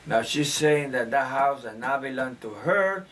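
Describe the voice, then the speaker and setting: A man's voice: mid-range voice, animated, normal speed, a bit bright, slight background noise. Opinionated man rambling off-mic. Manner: opinionated, rambling, with filler restarts. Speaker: commentator. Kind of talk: casual monologue on current events. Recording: distant mic, faint room ambience.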